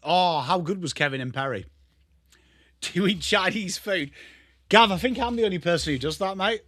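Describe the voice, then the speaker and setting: A man from Australia hosting a live football watchalong, chatting casually with viewers by name and breaking into quick play-by-play calls. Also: sits high, lively intonation, a bit bright, no room sound. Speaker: live stream host.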